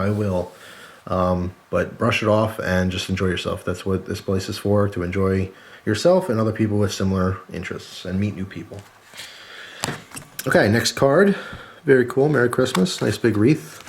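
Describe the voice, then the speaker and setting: A man's voice: lowish voice, normal speed, a little hiss or hum. A man hosting his channel, reading viewer holiday cards aloud in a chatty, joking way and thanking each sender. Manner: chatty, jokey, thanks readers warmly. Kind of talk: casual chat.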